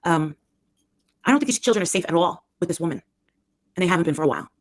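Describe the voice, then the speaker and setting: A woman's voice: fairly low pitch, lively intonation, fast. A woman on a live stream who rambles on scornfully and repeats herself, talking into a phone or webcam. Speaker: livestreamer. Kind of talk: rambling livestream gossip.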